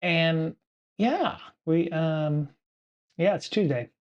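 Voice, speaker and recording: A man's voice: on the high side, extremely slow, dull audio. Man, livestream host, casual chat, rambling, full of fillers. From United States. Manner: rambling, many fillers and restarts. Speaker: podcast host.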